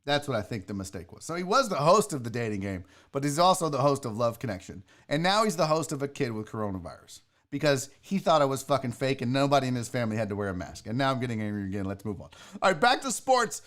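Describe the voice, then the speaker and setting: A man's voice: medium pitch, very animated, fast talker, a bit bright. A man hosting a live sports talk show, ranting heatedly and swearing freely, a bit tipsy from drinking.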